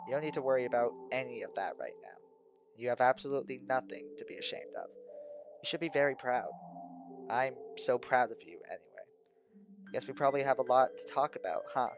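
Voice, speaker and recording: A steady, caring teenage boy, voiced by a man in a game playthrough, soothing and firm. His voice sits at a middle pitch with faint music underneath. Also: brisk. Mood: gentle. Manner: gentle, steady, reassuring.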